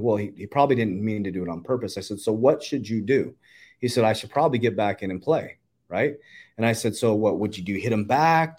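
A man's voice: mid-range voice, a little mellow. A man in his thirties in casual conversation, telling emphatic stories with some swearing. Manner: fast, emphatic storytelling with swearing.

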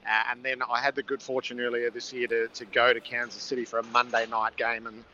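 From the stadium broadcast booth, a man who calls NFL games describes the lead-up over the phone with vivid, story-like detail. His medium-pitched voice barely moves in pitch, runs a little fast and sounds sharp, and the audio lacks its high frequencies.

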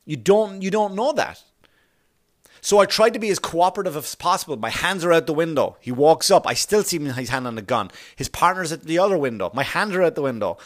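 A man rants through a profane comic monologue. His voice sits somewhat high for a man, and he talks bluntly and acts out the people he describes. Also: lively intonation, a little fast. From Long Island, New York. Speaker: comedian.

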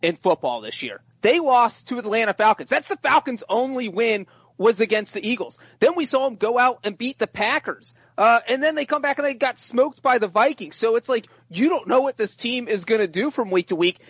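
A man on a sports podcast panel, excitable and chatty, often stumbling over his first words. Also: high voice, breathy edge, dry recording, dull audio. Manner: excitable, repeats words when starting sentences. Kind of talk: casual sports chat.

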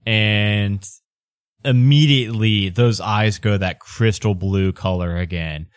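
A man's voice: lowish voice, slow pace, clean tone, no room sound, clean studio sound. A man narrating a tabletop game as game master, hesitant and full of fillers.

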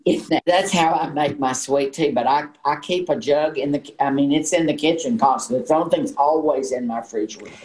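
A woman's voice: sits low, fairly quick, hardly any pauses, darkish tone, low-quality recording. A woman in her sixties with a Southern American accent, a guest telling folksy stories in casual chat. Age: 60s. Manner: folksy storyteller, says honey. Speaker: guest, actress and singer.

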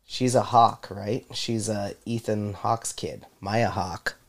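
Laid-back low-voiced man chatting. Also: fairly even intonation, slow. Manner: rambling, laughs often, loose with swearing. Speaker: podcast co-host. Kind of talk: casual chat.

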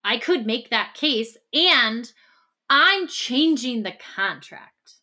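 On this relationship podcast, the female co-host has a bright, forward tone and a voice on the high side with lively intonation. Casually and conversationally, she builds a hypothetical scenario step by step, dropping quick "okay?" and "right?" asides throughout.

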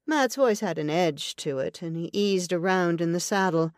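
A woman narrating a western novel as an audiobook in an even, deliberate storytelling manner. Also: lowish voice, no room sound, studio quality.

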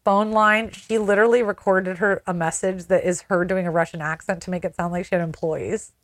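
A woman's voice: fairly low pitch, steady tone, a little fast. A young woman chats casually as a podcast co-host, rambling through her stories with plenty of filler words. She talks from a small closed room at home over a video call. The sound is dry and close, with no room echo. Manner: chatty, rambling, full of 'like'. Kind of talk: casual chat.

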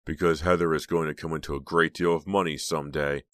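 Pompous, condescending uncle, read by a man, very deep voice, dry sound. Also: little pitch movement, brisk, a bit bright, no room sound. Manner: lecturing, condescending. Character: rude, pompous older man, disapproving uncle.

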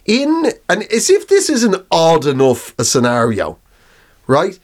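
A man's voice: on the high side, huge pitch swings, a little slow. A man co-hosting a comedy podcast, rambling through a joking story. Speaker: podcast co-host. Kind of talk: casual comedy chat.

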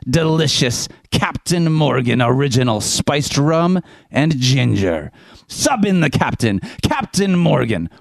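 A man putting on a gravelly hammy pirate captain. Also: no room sound. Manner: drawn-out pirate slang, swinging pitch. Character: boisterous male pirate captain, hammy and jolly. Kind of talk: comic ad read in character.

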